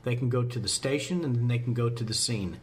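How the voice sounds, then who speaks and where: A man's voice: medium pitch, fast talker. A man in the fire service talking through volunteer staffing on a podcast in a folksy, rambling way, with jokes at his own expense. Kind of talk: casual podcast talk.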